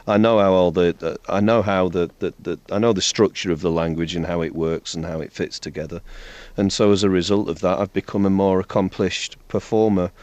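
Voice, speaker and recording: A man's voice: sits low, steady tone, a little fast, a little mellow, dry recording. A male singer, a guest in an interview, talking casually with a self-deprecating manner and frequent restarts.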